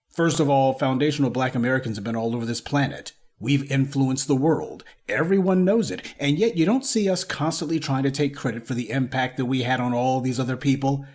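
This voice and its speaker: A man's voice: medium pitch, expressive, moderate pace, few pauses. Man, commentary monologue, indignant, lecturing, mid-range voice. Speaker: online commentator.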